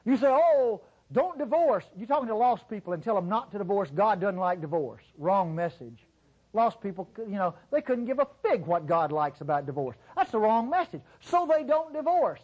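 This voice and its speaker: A man's voice: high voice, big pitch swings, a little fast, muffled recording. A middle-aged man preaching a sermon in a church, emphatic and repetitive, with sarcastic asides.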